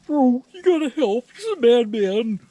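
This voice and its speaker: A man's voice: extremely high pitch, big pitch swings, unhurried, warm tone, voice pushed up, heavily acted. A man voicing a frantic, hungry young man who pleads and whines. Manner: pleading and whiny.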